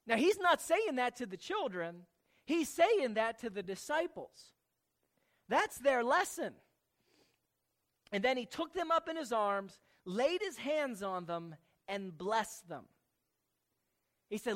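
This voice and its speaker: A preacher working through a scripture passage at an unhurried, measured pace. Key words come back again and again, and questions are put to the listeners. The voice sits at a middling pitch. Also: very animated, fairly bright tone. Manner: slow and deliberate, repeats key words, asks the listeners questions. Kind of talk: sermon teaching from scripture.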